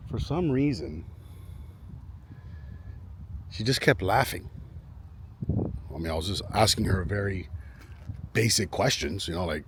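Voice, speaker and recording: A man's voice: deep voice, big pitch swings, unhurried, pauses often, slight background noise. A man chatting to camera outdoors in a residential neighborhood, rambling and often repeating himself as he restarts sentences. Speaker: vlogger. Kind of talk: casual chat to camera.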